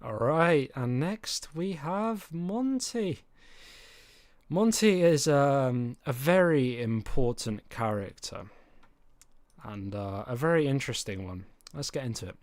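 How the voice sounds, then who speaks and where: A man's voice: medium pitch, lively intonation, slow, darkish tone, no echo. A man hosting a casual livestream as a series creator, presenting in a chatty, upbeat way. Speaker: series creator and stream host.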